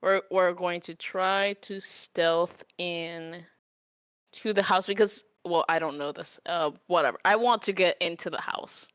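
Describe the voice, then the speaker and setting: A woman player speaking casually in a lower, somewhat dull-sounding voice through a lo-fi mic. She hesitates and takes her choices back in a loose, chatty way, with a dry sound. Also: fairly even intonation, measured pace, fairly bright tone, clean tone, no room sound. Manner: casual, indecisive, self-correcting. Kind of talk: tabletop game play.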